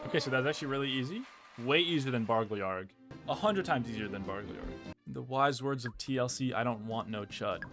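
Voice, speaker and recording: A young man from the United States giving casual, excitable commentary over a game he is playing, often exasperated. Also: medium pitch. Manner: excitable, exasperated, says "bro" a lot. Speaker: gaming video creator. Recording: game music behind the voice.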